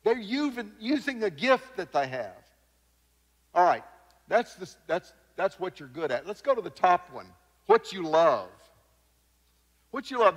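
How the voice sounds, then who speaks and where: A man preaching a sermon as pastor, telling stories with emphatic repetition. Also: high-pitched. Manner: animated storytelling with emphatic repetition. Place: church sanctuary. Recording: long reverb of a church hall.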